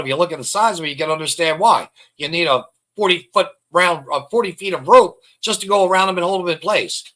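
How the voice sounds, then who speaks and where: Bright, rambling man. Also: sits high. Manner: rambling, repeats phrases, scornful. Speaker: online show host. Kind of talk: casual commentary reading out records.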